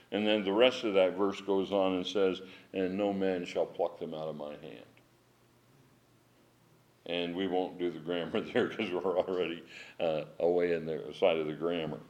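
A middle-aged man teaching an informal Bible study from home, emphatic and animated, with a strained voice and chuckling asides. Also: low voice. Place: at home with dogs.

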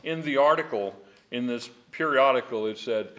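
Man, Bible class teacher, informal, rambling asides, mid pitch. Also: normal speed, a bit bright. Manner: folksy, digressive, chuckles often.

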